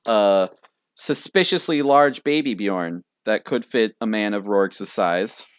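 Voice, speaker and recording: A young man running a tabletop game as game master, relaxed and rambling, laughing often. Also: lowish voice, measured pace, smooth, no room sound, clean studio sound.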